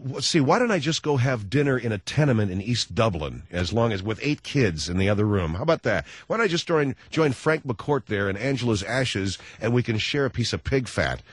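A man's voice: mid-range voice, no echo. A man hosting a radio talk show, telling a sardonic comic rant in a studio. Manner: sardonic, ranting storyteller. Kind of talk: comedic radio monologue.

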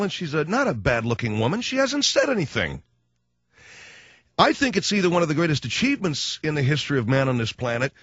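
This comic radio monologue comes from a talk show host whose voice is fairly high and fairly bright. Rambling and joking, he performs little scenes using other voices, captured in a dull, dry studio recording with no room sound.

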